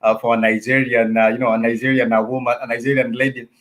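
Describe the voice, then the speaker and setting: A man's voice: mid-range voice, level tone, fast talker, fairly bright tone. A man hosting a studio interview show, rambling through questions with many fillers. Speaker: talk show host.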